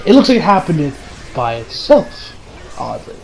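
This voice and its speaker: A man's voice: on the high side, sing-song, unhurried, creaky, a little mellow, rough recording. A man talking casually as he reviews an anime episode, rambling with lots of restarts and the odd swear.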